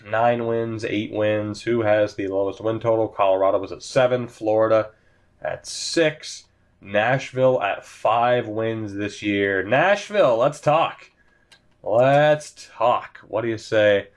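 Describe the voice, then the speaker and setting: Chatty young man narrating his gameplay. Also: on the low side. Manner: chatty, swears, talks to himself while managing. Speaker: gaming YouTuber. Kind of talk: casual gameplay commentary.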